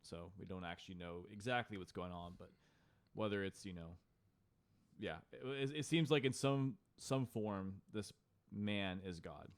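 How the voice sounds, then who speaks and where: A man's voice: low voice, measured pace, clean tone. A man co-hosting a casual Bible discussion, speaking hesitantly and searching for words. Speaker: podcast co-host.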